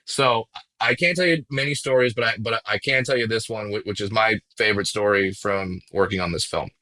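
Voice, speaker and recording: Male comedian guest, punchy bright voice, excitable storyteller who swears freely. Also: lowish voice. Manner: excitable storyteller, swears freely, quick self-deprecating jokes. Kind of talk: casual podcast interview.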